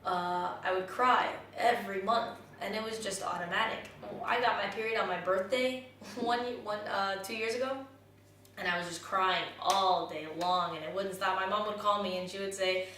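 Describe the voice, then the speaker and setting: A young woman from the United States and Jamaica speaking candidly in a personal vlog, halting and restarting as she reflects. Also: mid-range voice, sharp tone. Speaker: vlogger. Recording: very echoey room, voice from far off the mic, faint noise.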